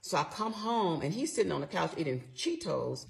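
A woman's voice: fairly low pitch, sing-song, normal speed, creaky. A middle-aged woman vlogger telling a personal story in a casual storytime style, emotional and blunt, swearing freely and talking straight to her viewers.

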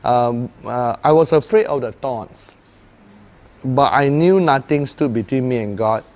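A man's voice: mid-range voice, measured pace. A man preaching informally to a small prayer group, telling stories with frequent chuckles. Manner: chuckles often, lively storytelling. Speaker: preacher leading a prayer meeting.

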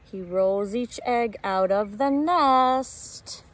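A woman teacher reading a picture book aloud to preschoolers, gently explaining and asking them questions. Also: on the high side, extremely slow. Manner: asks young listeners questions, explains gently.

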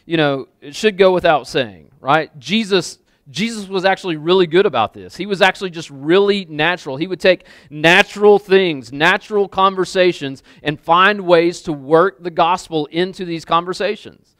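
A man's voice: high voice, moderate pace, few pauses, fairly bright tone, dry recording, clean studio sound. A man preaching a sermon as pastor, in a loose, conversational way full of casual fillers and repeats, speaking in a church. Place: church sanctuary with a congregation.

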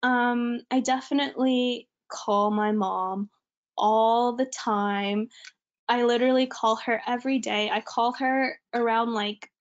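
A woman's voice: on the high side, steady tone, slow pace, smooth, lo-fi sound. A young woman from California with an American accent, giving a chatty, informal online presentation as a student.

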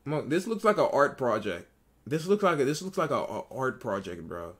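A man's voice: medium pitch, big pitch swings, moderate pace, slightly rough. Profane, repetitive young male streamer. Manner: profane, repetitive, talks to chat. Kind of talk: casual live-stream commentary.

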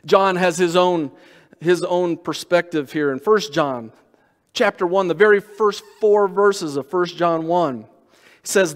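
Male pastor, sermon, higher-pitched voice, long church reverb, slows down on key words. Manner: reads scripture aloud and slows down to stress key words. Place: church sanctuary.

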